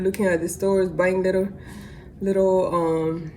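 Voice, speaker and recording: A young woman from Africa telling a long personal story casually between bites, animated and acting out the other people's lines. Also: medium pitch, unhurried, faint music behind. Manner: animated, acts out voices in quotes. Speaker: mukbang vlogger. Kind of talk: casual storytelling while eating.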